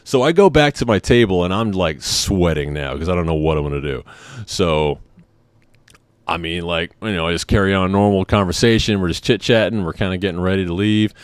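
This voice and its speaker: A man's voice: low-pitched, brisk, clear, resonant tone, no echo. A man casually telling a personal story, acting out the scenes and swearing freely. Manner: animated, acts out the scene in quotes, swears freely. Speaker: channel host.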